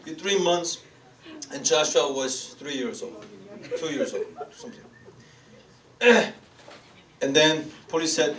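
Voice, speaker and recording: A middle-aged man with a Korean accent, a native Korean speaker, preaching a lively personal testimony as a pastor, acting out voices and laughing often. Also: a little high, measured pace, long pauses. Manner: animated storytelling, acts out voices, laughs often, sings. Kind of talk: sermon testimony. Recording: echoey room from far off, faint noise.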